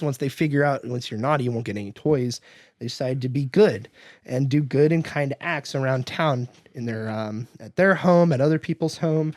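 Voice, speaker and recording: A man with a slightly high voice hosts a podcast, casually recapping a film and acting out the characters' lines in raised voices. The recording is dry, with clean studio sound.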